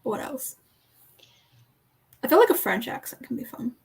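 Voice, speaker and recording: A young woman hosting a casual livestream book chat over a video call, teasing and giggling through quick banter. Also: on the high side, sing-song, vocal fry, husky. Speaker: booktube host.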